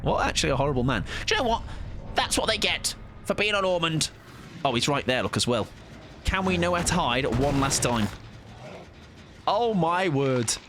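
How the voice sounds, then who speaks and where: A young man chats through his live game stream with jokes, casual swearing and playful mock-villain taunts. His pitch jumps all over, from low mutters to high squeals. A faint hiss sits under his desk-mic voice. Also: big pitch swings, fairly quick. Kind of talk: live gameplay commentary.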